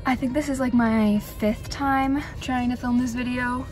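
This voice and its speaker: A woman's voice: a little high, steady tone, measured pace, a little mellow, faint music behind. A young woman recording an earnest birthday message for a friend, searching for the right words.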